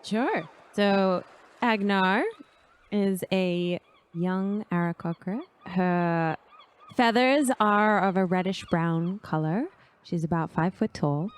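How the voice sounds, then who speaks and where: A woman's voice: medium pitch, animated, takes it slowly. A woman playing a timid young bird-folk novice nun in a tabletop game, speaking hesitantly in her own voice. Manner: hesitant, nervous-sounding character voice. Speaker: player. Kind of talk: tabletop role-play, in character.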